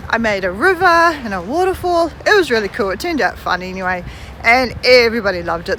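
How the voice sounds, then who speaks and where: Filming herself on a phone during an outdoor walk, a New Zealand woman in her thirties vlogs in easy, casual conversation with her native accent. She speaks at a medium pitch with a slightly bright edge. The rough recording carries a little hiss or hum.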